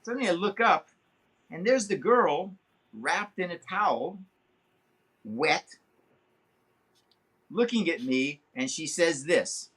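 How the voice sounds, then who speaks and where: A man in his seventies, a guest telling a long, animated story in an interview, swearing freely. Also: slow pace, long pauses, breathy edge. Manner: animated, swearing, acts out quotes with big pitch jumps. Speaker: guest actor. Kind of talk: anecdotal storytelling in a podcast interview.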